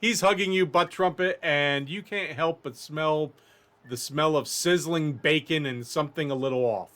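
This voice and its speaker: A man's voice: fairly high pitch, moderate pace, fairly bright tone. A man narrating as dungeon master of a tabletop game, describing scenes with frequent restarts.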